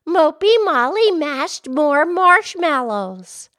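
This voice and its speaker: Hosting a children's podcast, a woman plays a cheerful cartoon pig in a very high, squeaky put-on voice. Her delivery is sing-song and slow, fairly bright, and heavily acted, full of bubbly enthusiasm.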